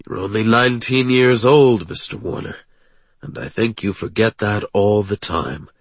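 A man voicing a weary, kindly older male rebel leader who speaks in a gentle, fatherly, quietly wounded way. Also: lowish voice, normal speed, husky, no room sound. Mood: earnest.

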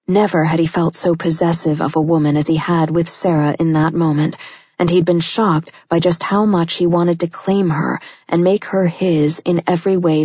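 Low, husky woman reading an audiobook. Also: mellow, no echo, muffled recording. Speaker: audiobook narrator. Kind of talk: scripted audiobook narration.

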